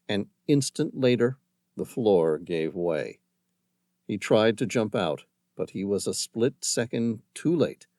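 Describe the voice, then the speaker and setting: A man narrating an action thriller audiobook in a dramatic, measured storytelling manner, close to the mic. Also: fairly low pitch, darkish tone, no echo. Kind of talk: scripted narration.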